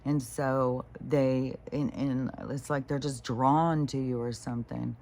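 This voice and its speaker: A woman's voice: a bass voice, fairly even intonation, slow, a little mellow. A woman talking casually in a meandering monologue, full of fillers and quoted asides, laughing often. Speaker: vlogger.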